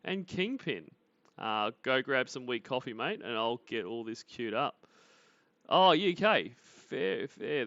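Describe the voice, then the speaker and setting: A man's voice: medium pitch, big pitch swings, a little slow, a bit bright, no room sound, muffled recording. A man hosting a livestream, chatting casually with viewers and teasing them with dry sarcasm. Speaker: livestream host. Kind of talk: casual chat greeting viewers.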